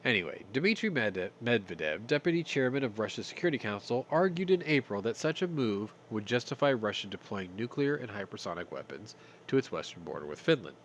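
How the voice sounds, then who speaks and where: Host, male, low lively voice, congested, wry profane news commentary, faint background noise. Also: brisk. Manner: sarcastic, swears, reads news then jokes. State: stuffy from sinuses. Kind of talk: casual news roundup with commentary.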